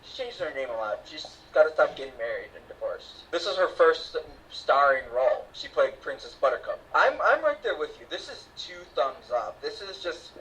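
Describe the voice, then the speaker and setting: A man's voice: fairly high pitch, very animated, normal speed, few pauses, fairly bright tone, recorded from a distance, poor audio. A man hosting a casual movie review podcast, chatty and enthusiastic, often laughing. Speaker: podcast host.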